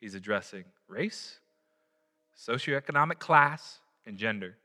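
A man preaching a sermon as a pastor, animated and building to loud emphatic peaks. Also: mid-range voice, unhurried. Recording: echoey hall.

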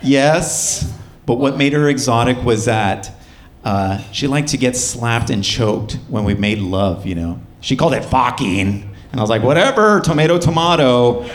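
Man, stand-up comedian, wry loose delivery, casual fillers, mid-pitched voice. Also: measured pace, slight background noise. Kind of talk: stand-up set.

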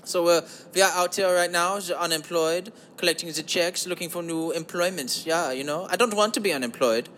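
A man's voice: sits high, pushed and bright, a little hiss or hum. Man putting on a sleazy crooning German-ish voice. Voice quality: mock German accent. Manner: sleazy crooning, drawn-out, calls listeners baby. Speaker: podcast host. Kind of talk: comedic podcast monologue in a put-on voice. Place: home basement.

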